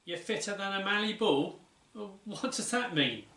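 A man's voice: high voice, lively intonation, moderate pace, pushed and bright. A man hosting a children's church show, delivering announcements and comic sketch lines in a mock-earnest, playful way. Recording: roomy, mic at a distance.

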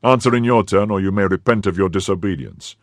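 A man's voice: fairly low pitch, big pitch swings, a little fast, no echo, studio quality. A man voicing a stern, commanding older cardinal who questions sharply and speaks with clipped authority.

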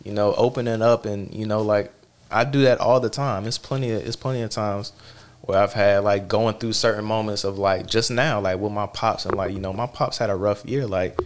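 A man hosting a podcast, talking in a relaxed, reflective way with many fillers. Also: fairly low pitch, normal speed. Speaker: podcast host. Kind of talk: casual chat.

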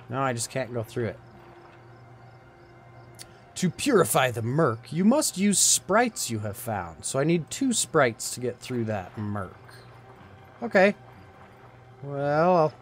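A man's voice: mid-range voice, big pitch swings, slow, long pauses, a little hiss or hum. Playful man narrating a game. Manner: chatty, reads game text aloud, playful. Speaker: gaming video host. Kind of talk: let's play commentary.

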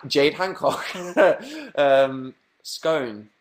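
A young adult man from southern England hosts a livestream, chatting casually as he answers viewer questions. His voice sits in the mid-range at a normal speed, and he's playful and self-mocking, breaking into silly sing-song noises.

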